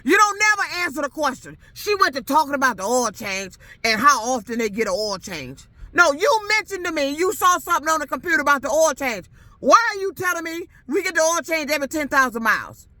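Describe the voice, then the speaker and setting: Irate high-voiced woman ranting. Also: animated, brisk, sharp tone, no room sound. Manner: irate, profane, repeats herself; insistent, hammering questions. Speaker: vlogger. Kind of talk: angry rant to camera.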